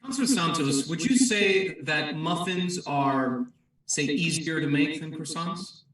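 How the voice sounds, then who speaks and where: A man's voice: on the high side, a little slow, fairly bright tone. A man doing improv comedy as a mock counselor, delivering a grandiose, mock-formal argument. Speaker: improv performer arguing for croissants. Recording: echoey room, far from mic.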